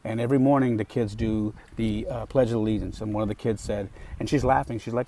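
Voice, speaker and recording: A man's voice: fairly low pitch, steady tone, fast talker, few pauses, mellow, slight background noise. An American man hosting a podcast, talking passionately and outspokenly in a solo monologue. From United States. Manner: impassioned and outspoken. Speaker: podcast host.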